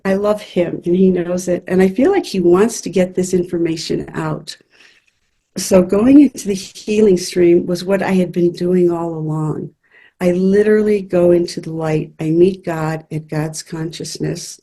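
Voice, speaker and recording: A woman's voice: on the low side, creaky, dark tone, breathy edge. A woman who works as a spiritual medium, earnestly telling personal stories in a chatty interview. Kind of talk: interview storytelling.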